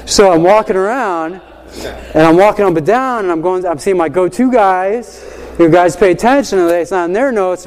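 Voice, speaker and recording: A man who teaches high school, telling a classroom story in a casual, animated way with lots of fillers. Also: moderate pace, smooth, in a large hall. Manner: animated, chatty, many fillers like "you know".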